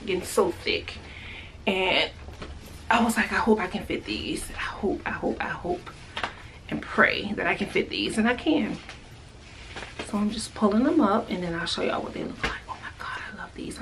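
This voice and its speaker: A woman's voice: mid-range voice, a bit bright, distant mic, a little hiss or hum. A woman chatting casually and gushing over clothes in a try-on haul vlog, filmed at home on a phone camera. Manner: gushing, chatty, repeats herself. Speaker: vlogger. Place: at home, indoors.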